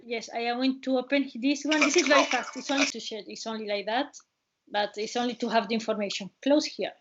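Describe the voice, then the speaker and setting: Woman host with an Andalusian accent, high voice, presenting over a dull, muffled video-call line in halting, restarting English. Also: steady tone, a little hiss or hum. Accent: Andalusian Spanish. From Cádiz province, Spain. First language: Spanish. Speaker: webinar host and travel guide.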